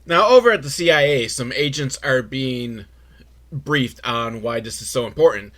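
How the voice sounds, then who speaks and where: A man's voice: medium pitch, unhurried, fairly bright tone. A man hosting a comedic podcast, recapping a film with sarcastic, rambling asides. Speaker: podcast host.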